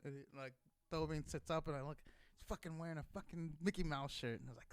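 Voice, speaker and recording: A man's voice: on the high side, fast talker, clean tone, dry recording. Swearing man telling a service story. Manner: swears constantly, acts out shouted quotes. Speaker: storyteller, former Marine. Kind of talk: casual profane storytelling.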